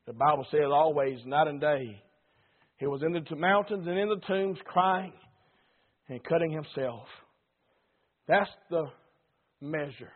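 A man preaching a sermon, swinging between loud passion and hushed warnings. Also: on the high side, unhurried, long pauses, husky. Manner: impassioned preaching that rises and drops sharply in volume. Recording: tinny phone-like sound.

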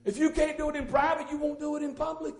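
High-pitched preacher in echoey church. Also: male voice, little pitch movement, fast talker. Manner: folksy, rising to fervent shouts. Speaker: pastor. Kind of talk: sermon. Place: church sanctuary.

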